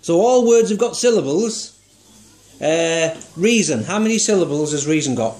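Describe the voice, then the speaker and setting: Patient man teaching songwriting, slightly high. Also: animated, normal speed, a little mellow, slight background noise. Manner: patient, encouraging, asks guiding questions; sings short notes to demonstrate. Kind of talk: one-to-one music lesson.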